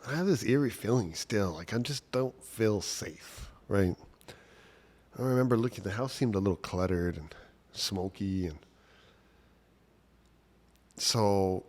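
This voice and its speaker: A man's voice: fairly low pitch, measured pace, long pauses, darkish tone. A man casually telling a personal story from childhood, talking conversationally with lots of "like" and "right?".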